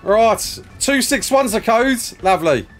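A man's voice: high-pitched, animated, unhurried, faint music behind. A man hosting a casual gaming session, playful and laughing, calling his co-player mate. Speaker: gaming video host.

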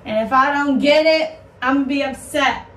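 A woman's voice: high-pitched, normal speed, a bit bright, a little hiss or hum. A young woman in her twenties chatting casually to camera for her vlog, bubbly and full of "like". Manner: chatty, bubbly, says "like" a lot. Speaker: vlogger. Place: home and car.

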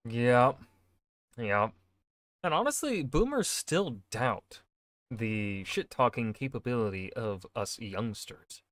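A man reacting to a comedy video as a historian, in a mid-pitched, everyday voice. He makes quick, offhand jokes and asides in a loose, conversational way. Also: sing-song, a bit bright, dry recording. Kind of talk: casual reaction commentary.

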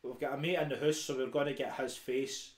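Young Scottish co-host, rapid banter, roomy echo, music faintly behind. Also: male voice, medium pitch, steady tone, slight background noise. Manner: banterous, quick, sweary. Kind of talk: casual chat. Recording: echoey room with music behind.

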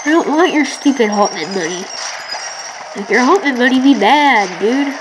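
A woman host giving excitable let's-play commentary, complaining loudly at a boss fight. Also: sits high, moderate pace, background noise. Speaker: gaming channel host. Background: video game music.

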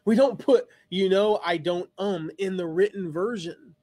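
A man's voice: high voice, a little slow, a little mellow, dry recording. A man hosting a live online lesson, talking through ideas with many restarts. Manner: rambling, thinks aloud with many restarts. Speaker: host.

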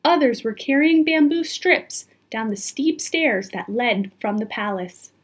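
Breathy woman reading a storybook aloud. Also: a little high, unhurried. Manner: expressive, chats to the listener. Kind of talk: children's book read-aloud.

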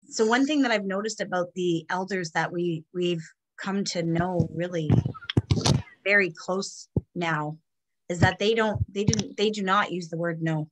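A woman hosting a community program on a video call, giving an emotional, halting introduction with many restarts while tearful. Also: lowish voice. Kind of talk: heartfelt spoken introduction.

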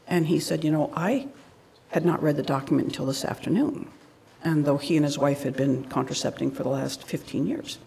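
Gravelly-voiced woman giving a lecture. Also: low-pitched, darkish tone. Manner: conversational storytelling with frequent asides. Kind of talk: public lecture.

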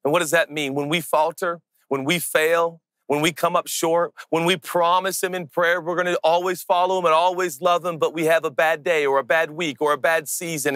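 A man preaching a sermon as pastor, earnest and intimate, slowing down to press on key words. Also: fairly high pitch, fairly bright tone, no echo.

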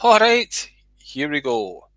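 Sweary Scottish man, bright voice. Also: fairly high pitch, huge pitch swings, slow pace, dry recording. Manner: sweary, chatty, addresses viewers. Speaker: comedian reading his own skit on a livestream. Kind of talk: livestream comedy reading.

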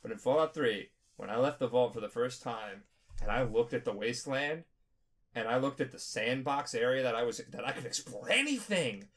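Tipsy podcast guy, rambling and swearing a lot, pitch all over the place. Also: normal speed. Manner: rambling, profane, animated. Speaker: podcast host. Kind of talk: casual podcast chat.

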